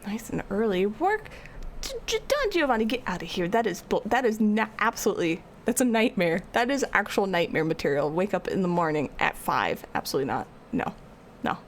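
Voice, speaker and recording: Young woman streamer, casual rambling chat with her viewers, slightly high voice with some fry. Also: a little hiss or hum. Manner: rambling and chatty, answering chat. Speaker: art streamer.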